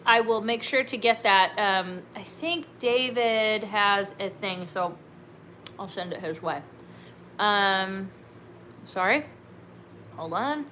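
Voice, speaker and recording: A woman's voice: mid-range voice, slow, long pauses, bright, forceful tone, a little hiss or hum. A woman from California hosting a casual solo livestream, bubbly and giggly, saying "like" and "dude" a lot. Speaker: livestream host.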